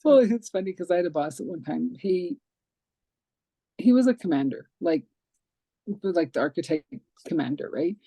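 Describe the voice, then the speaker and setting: A woman hosting a casual interview podcast, telling lively stories and acting out the dialogue in them. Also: fairly low pitch, normal speed, pauses often, breathy edge, no echo. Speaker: podcast host.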